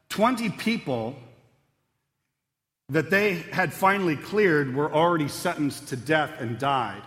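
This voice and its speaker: A man preaching a chapel sermon as pastor, earnest, moving between emphatic stress and hushed prayer. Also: fairly high pitch. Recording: long hall reverb.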